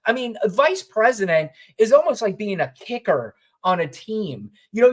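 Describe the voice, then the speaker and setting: A man co-hosting a podcast, giving blunt, sardonic commentary and telling stories in an animated way. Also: high voice. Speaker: podcast co-host. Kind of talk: opinionated casual commentary.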